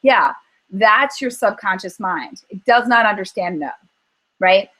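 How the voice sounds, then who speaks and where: A woman's voice: medium pitch, unhurried, poor audio. A woman coaching on emotional eating in a group call, talking earnestly and acting out her own inner voice as she tells stories. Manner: earnest, animated storytelling with acted-out inner voices. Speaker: weight-loss coach.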